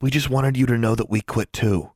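A man's voice: low-pitched, lively intonation, normal speed, a little mellow, no room sound, studio quality. A man reading an audiobook, voicing a blunt teenage boy who mutters. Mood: blunt muttering. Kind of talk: audiobook character voice.

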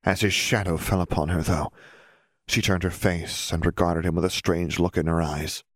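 A man reading a fantasy story aloud in a steady, measured narration. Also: sits low, no echo, studio quality. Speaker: audiobook reader. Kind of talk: narrated fan fiction reading.

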